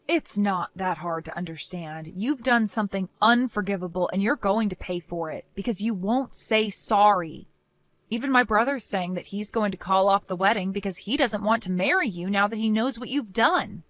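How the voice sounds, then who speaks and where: A young woman narrating her own story and playing its lead, speaking in a cold, firm and measured way as scripted story voice acting. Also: medium pitch, animated, fairly bright tone, no room sound. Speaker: narrator and main character.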